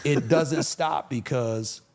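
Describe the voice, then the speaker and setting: A man talking as a podcast guest, an animated, emphatic storyteller who repeats phrases for punch. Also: medium pitch, slow pace, gravelly. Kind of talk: casual interview talk.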